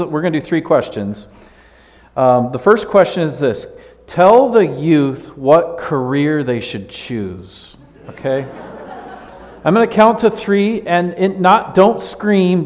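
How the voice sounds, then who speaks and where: In a church sanctuary with long hall reverb, a man gives a casual children's sermon, playful and chatty and often asking the kids questions. His voice is on the high side and a little mellow.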